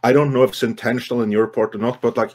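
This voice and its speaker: A man's voice: medium pitch, fairly even intonation, very fast, darkish tone. A man interviewing a guest in casual talk, hesitant and full of filler words. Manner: hesitant, many fillers and likes.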